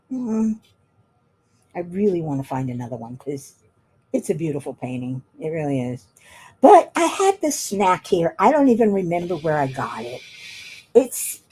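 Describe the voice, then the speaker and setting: Slow, husky woman chatting while crafting. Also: medium pitch, mellow. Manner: rambling, chatty, laughs often. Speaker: craft vlogger. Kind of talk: casual chat while crafting.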